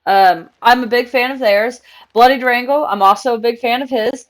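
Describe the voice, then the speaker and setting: A young woman streaming live, chatting excitedly and telling stories while she plays a game. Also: a little high, unhurried. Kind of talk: casual gaming stream chat.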